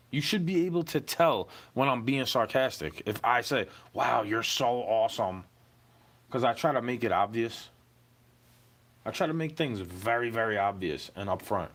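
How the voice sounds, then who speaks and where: A man's voice: medium pitch, a bit bright. A young man in an aggrieved, profane rant to camera, talking straight at someone who wronged him. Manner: aggrieved, profane, repeatedly says "bro". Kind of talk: ranting monologue to camera.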